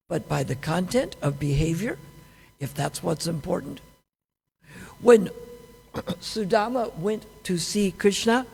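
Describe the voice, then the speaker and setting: Brief: male class speaker, husky and gravelly, asks the room rhetorical questions, long hall reverb. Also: sits high, darkish tone. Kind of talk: scripture class talk. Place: temple hall.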